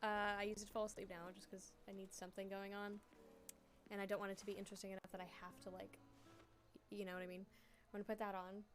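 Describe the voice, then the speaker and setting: A woman's voice: medium pitch, level tone, quick pace, soft background music. A woman streamer chatting casually from a small room at home, giggly and rambling, with many fillers. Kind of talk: casual livestream chat.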